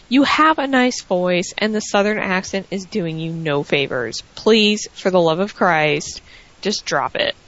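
A woman co-hosting a wrestling recap, chatting casually with animated, joking remarks. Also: on the low side, measured pace. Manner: animated and wisecracking. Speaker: co-host. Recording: dull lo-fi audio.

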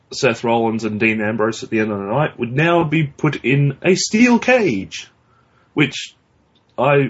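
A man co-hosting a podcast in casual chat, blunt and profane, rambling with restarts. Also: mid-range voice. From Australia. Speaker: podcast co-host. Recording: dull lo-fi recording.

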